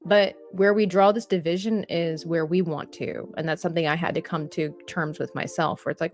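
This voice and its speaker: A woman's voice: on the low side, fairly quick, darkish tone. A woman hosting a live drawing stream, talking earnestly in a rambling, casual way with frequent restarts while reading chat comments aloud. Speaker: livestream artist host. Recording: faint background music.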